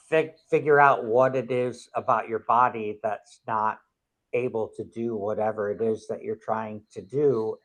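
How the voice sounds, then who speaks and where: A man speaking in a measured, conversational way, thinking aloud as he talks. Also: mid-range voice. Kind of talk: reflective conversational talk.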